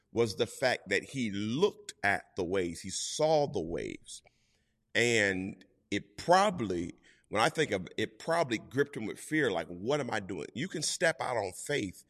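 A man with a somewhat low voice preaches in an easy, conversational way. He now and then acts out quoted voices as he tells his stories. A long reverb trails behind his words. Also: fairly bright tone. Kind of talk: sermon.

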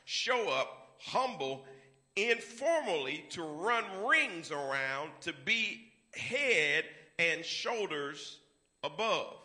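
Bright-voiced preaching man. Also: on the high side. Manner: call-and-response preaching, rising to loud emphatic declarations. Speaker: pastor. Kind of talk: sermon.

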